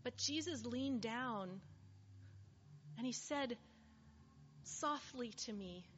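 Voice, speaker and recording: Monologue: woman as a weary woman made whole, earnest first-person testimony, slightly high voice, muffled recording. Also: animated, slow pace, a bit bright. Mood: heartfelt. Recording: slightly muffled with faint hiss.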